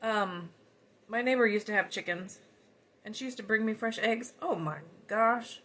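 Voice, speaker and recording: A woman's voice: medium pitch, normal speed, fairly bright tone. A woman with a Southern US accent, chatting in a folksy way as she demonstrates card-making live. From United States. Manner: chatty, folksy, talks while working. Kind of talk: casual live crafting chat.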